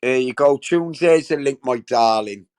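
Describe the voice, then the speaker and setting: A man's voice: medium pitch, measured pace, a little mellow, clean tone. A man hosting a casual livestream, talking straight to his chat in a sweary, effusive, rambling way. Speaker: livestream host.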